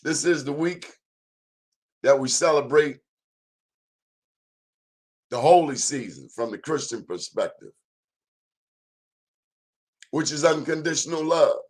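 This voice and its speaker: A man's voice: fairly high pitch, animated, takes it slowly, long pauses. A man hosting his own talk show, giving an emphatic, preachy monologue in a folksy, plain-spoken way. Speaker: show host.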